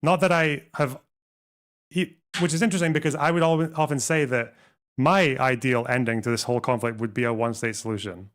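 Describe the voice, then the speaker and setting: A man's voice: mid-range voice, steady tone, brisk, a bit bright. A man streaming and reacting to a clip, combative, profane and sarcastic. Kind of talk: live stream reaction commentary.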